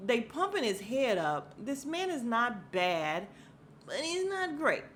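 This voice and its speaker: A woman's voice: a little high, very animated, slow pace, a bit bright, slight background noise. Sassy woman recapping TV, candid. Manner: candid, sassy, laughs often, quotes people in voices. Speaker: podcast host. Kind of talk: casual TV recap chat.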